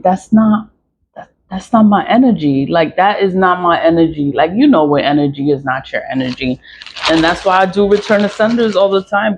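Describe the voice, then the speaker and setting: A vlogger rambles through a casual monologue, circling back on the same points with lots of "like" and swearing. The voice sits at an ordinary middle pitch. Faint street noise and sirens drift in from the city outside. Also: darkish tone. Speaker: vlogger selling spiritual cleansing products. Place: home in the South Bronx, street sirens outside.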